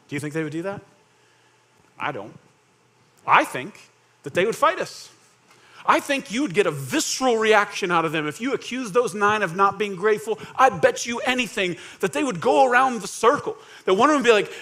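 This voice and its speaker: A man's voice: sits high, lively intonation, brisk, bright, forceful tone. A male pastor preaching a conversational sermon, asking the congregation questions and acting out quoted voices. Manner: conversational, acts out scenes with quoted voices, asks the audience questions.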